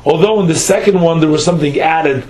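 Crowd noise and poor audio surround a man with a slightly high voice as he teaches a text study class. He reads phrases aloud with a pronunciation and translates them line by line, often halting and starting again.

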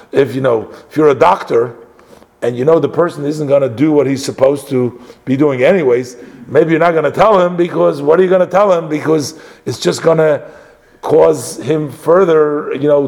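A man gives a conversational Torah class at a middle pitch. He works through a text phrase by phrase, translating as he goes, and drops in frequent casual asides. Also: darkish tone. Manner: conversational, translating phrases line by line, many "you know" asides. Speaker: Torah teacher.

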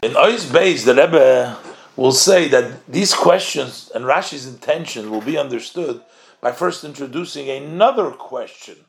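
A man's voice: mid-range voice, lively intonation, measured pace, gravelly. Man teaching a text study lesson. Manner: reads Hebrew phrases then translates them, questioning tone. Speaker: Torah teacher.

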